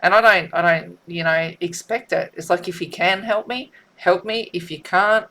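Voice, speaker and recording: Lady doing a tarot vlog, lowish voice, emotional and halting, keeps repeating herself. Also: fairly bright tone. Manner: tearful, heartfelt, halting with repeats. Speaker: tarot reader.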